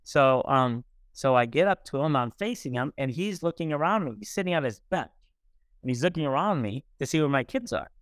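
A middle-aged man talks as a podcast guest, earnest and warm, playing out every quoted line as he tells his story. His voice is smooth and resonant. The sound is dry, close to the mic. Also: mid-range voice, animated, brisk, no echo. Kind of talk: conversational storytelling.

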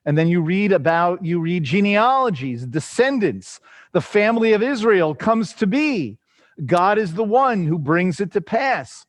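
A man teaching through the Psalms in a loose, conversational way, full of fillers and "right?" checks, slowing down to read scripture aloud. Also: high-pitched, sing-song, no echo. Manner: reads scripture slowly and deliberately. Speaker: Bible teacher. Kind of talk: informal Bible teaching.

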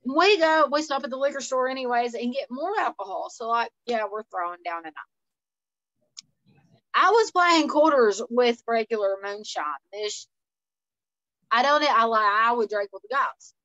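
A woman, a guest telling wild party stories in a loose, animated way. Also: on the high side, moderate pace, no room sound, lo-fi sound. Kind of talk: casual storytelling chat.

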